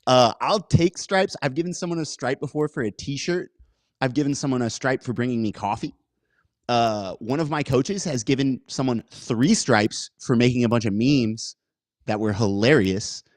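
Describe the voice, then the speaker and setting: A man's voice: mid-range voice, moderate pace, dry recording, clean studio sound. A man co-hosting a casual podcast who talks bluntly, swears casually, and keeps things laid-back. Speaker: podcast co-host and coach.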